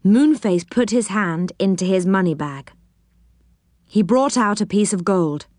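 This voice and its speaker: A woman reading a children's storybook aloud in a gentle, expressive way. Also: mid-range voice, unhurried, dry recording, studio quality. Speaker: narrator.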